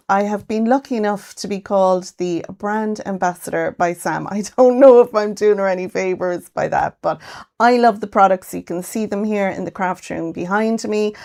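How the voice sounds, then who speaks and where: An Irish woman with a medium-pitched, slightly mellow voice hosts a casual craft livestream from her craft room at home. She chats away and greets viewers by name.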